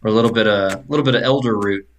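A man narrating as game master of a tabletop game in a relaxed, loose way. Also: fairly low pitch, rapid-fire, poor audio.

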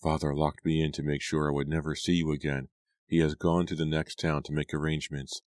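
A man's voice: extremely low pitch, little pitch movement, brisk, darkish tone, no echo. A man voicing a desperate, tearful young woman who pleads in breathless calls. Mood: anxious.

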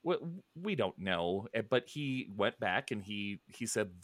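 A middle-aged man chatting casually, rambling with many restarts and soft chuckles. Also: on the low side, animated, measured pace, hardly any pauses, no echo. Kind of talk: casual chat.

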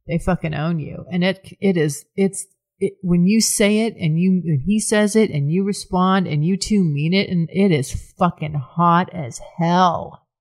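A woman's voice: on the low side, measured pace, a little mellow. A woman hosting her own podcast, talking frankly and casually on her own, swearing freely and often restarting her sentences. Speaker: podcast host. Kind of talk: candid solo podcast talk.

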